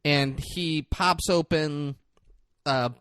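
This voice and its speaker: A man's voice: on the high side, steady tone, extremely slow, a bit bright, smooth, no room sound, clean studio sound. A young man co-hosting a podcast, casually retelling a movie with lots of swearing. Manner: profane, storytelling, acts out quotes. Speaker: podcast co-host. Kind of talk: casual comedic movie recap.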